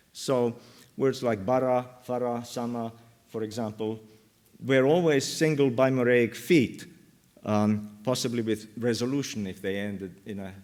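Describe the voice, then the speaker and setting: Hesitant male linguistics lecturer. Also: on the low side. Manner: hesitant, many fillers, thinking aloud. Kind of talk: academic conference talk. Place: university lecture room.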